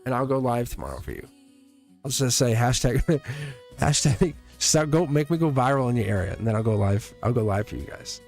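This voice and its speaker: A man's voice: medium pitch, big pitch swings, moderate pace, vocal fry, a little mellow, faint music behind. A man hosting a live tarot stream in a casual, rambling way, chuckling often and joking with his viewers.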